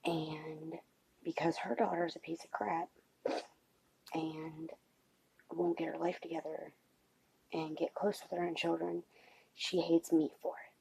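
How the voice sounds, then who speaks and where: A woman vlogger talking quietly at home late at night so as not to wake anyone, halting and pausing with many fillers. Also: low voice, level tone, gravelly, breathy edge, poor audio. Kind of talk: late-night confessional vlog.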